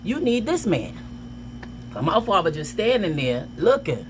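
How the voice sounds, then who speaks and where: A woman vlogger telling a personal story in a casual, animated way, with dramatic outbursts. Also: mid-range voice, a little slow, slight background noise.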